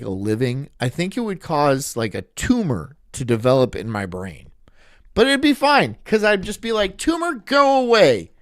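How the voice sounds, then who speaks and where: A man's voice: fairly high pitch, dry recording, studio quality. A man streaming and reacting casually, rambling in a sarcastic way and laughing often.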